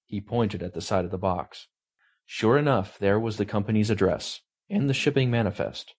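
A man giving a dramatic story reading with an expressive, animated delivery. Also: fairly low pitch, normal speed. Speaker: story reader.

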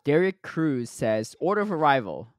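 A man co-hosting a podcast, his pitch leaping up and down as he talks. He reads viewer comments aloud and rambles through explanations full of fillers. The sound is close and dry, with no room around it. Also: moderate pace, no room sound. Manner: animated, filler-heavy, explains things at length. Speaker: podcast co-host. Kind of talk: casual podcast chat, reading live chat comments aloud.

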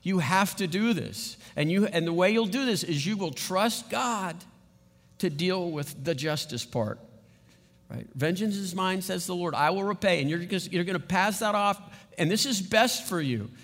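A man's voice: sits high, animated, normal speed, a bit bright. A man preaching a sermon as pastor in a conversational way, often checking in with his listeners. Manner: conversational, asks "right?" often. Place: church sanctuary. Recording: long hall reverb.

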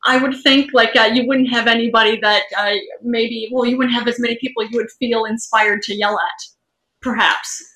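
A woman's voice: fairly high pitch, fairly even intonation, normal speed, bright, forceful tone, echoey room, rough recording. A woman hosting a casual chat, speaking hesitantly with many fillers as she asks questions.

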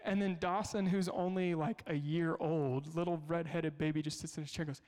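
A man's voice: a little high, fairly even intonation, fairly quick, a little mellow. A male pastor preaching a sermon, telling family stories in a conversational way and asking the congregation rhetorical questions. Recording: long hall reverb.

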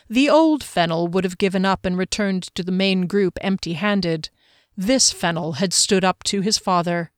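A woman's voice: lowish voice, moderate pace, no echo, clean studio sound. Woman narrating a fantasy audiobook.

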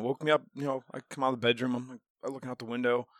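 A man's voice: medium pitch, fast, dry recording, clean studio sound. A man in casual podcast chat, telling stories with lots of swearing and laughter. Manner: animated storyteller, swears a lot, laughs often.

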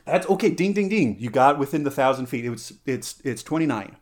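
A man's voice: mid-range voice, brisk. A man hosting a casual podcast chat, playful and rambling, with lots of fillers, self-corrections and side tangents. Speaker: podcast host.

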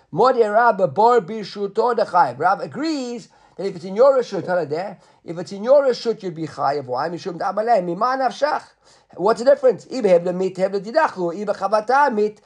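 High-voiced man teaching a Talmud class. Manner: explains step by step, checks in with listeners.

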